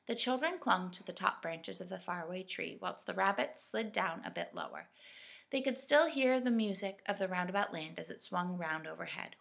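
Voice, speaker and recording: Bright, gravelly woman reading a storybook. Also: on the low side, moderate pace. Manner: lively, expressive. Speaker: reader. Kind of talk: storybook narration.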